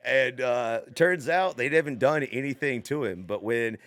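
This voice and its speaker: A man's voice: mid-range voice, unhurried, fairly bright tone, no room sound. A man co-hosting a podcast, chatting casually and recapping film scenes with rambling asides. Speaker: podcast co-host.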